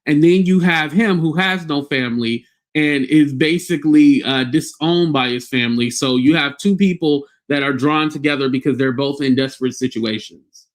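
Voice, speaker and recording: Guy ranting on his stream, cussing a lot, kinda high voice, real blunt. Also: moderate pace, few pauses. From United States. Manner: blunt, profane, scornful. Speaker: livestream host. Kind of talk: casual livestream rant.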